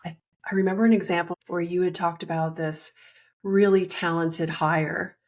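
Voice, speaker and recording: A woman's voice: lowish voice, steady tone, moderate pace. A woman hosting a podcast interview, chatting in a friendly, conversational way. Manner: friendly, conversational, laughs easily. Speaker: podcast host.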